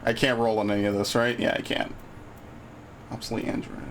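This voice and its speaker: A man's voice: mid-range voice, level tone, fairly quick, a bit bright, slight background noise. Profane, frustrated male game streamer. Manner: profane, easily frustrated, sarcastic. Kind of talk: live gameplay commentary.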